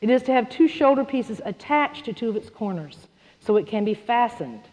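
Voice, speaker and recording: Animated woman preaching in echoey hall. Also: fairly high pitch, normal speed. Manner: animated, acts out little scenes, conversational. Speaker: Bible teacher. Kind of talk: sermon. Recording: muffled sound in a long-reverb hall.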